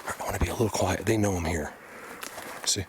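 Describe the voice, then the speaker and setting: A man narrating to camera as an outdoor explorer vlogger, hushed and excitable, often dropping to a whisper. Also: sits low, fairly quick, noisy background. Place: outdoors in woods.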